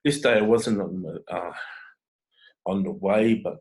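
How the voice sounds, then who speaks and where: A low-voiced Australian man with a gravelly, creaky edge speaks to camera. He tells a personal story earnestly, often stopping and starting over mid-sentence. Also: darkish tone, poor audio. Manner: halting, earnest, many restarts. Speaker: vlogger.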